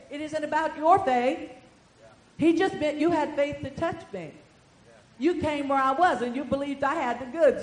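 An older woman preaching a sermon, telling the story with animation and swinging between loud and soft. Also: sits high, animated, normal speed, reverberant, poor audio.

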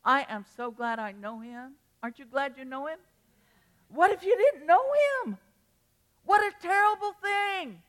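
A woman's voice: high voice, unhurried. Older woman preaching a storytelling sermon. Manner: storytelling, rambling with restarts, bursts of emotion. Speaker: pastor.

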